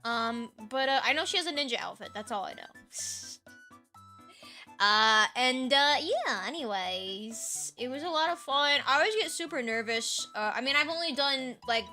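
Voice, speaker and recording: Young woman streamer: bright, lively chatter full of fillers and laughs, a touch hoarse and tired, faint music underneath. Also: high-pitched, moderate pace. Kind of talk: casual chat recapping a role-play game.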